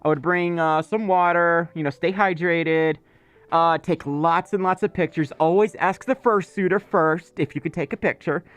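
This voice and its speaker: A man hosts a casual livestream in a clean recording, his somewhat high, slightly bright voice keeping a steady tone at normal speed. He rambles chattily, reading viewers' messages aloud and using many fillers and asides.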